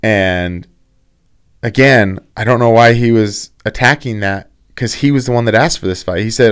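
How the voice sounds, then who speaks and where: Smooth, low-voiced man giving opinions. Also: normal speed. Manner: rambling, frequent restarts and fillers. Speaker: host. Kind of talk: casual opinion commentary.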